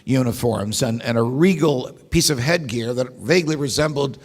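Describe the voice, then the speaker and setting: A man's voice: medium pitch, moderate pace. A man giving a lecture-style keynote speech, an emphatic storyteller who poses rhetorical questions and drops wry asides. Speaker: keynote speaker. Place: large meeting hall. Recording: long hall reverb.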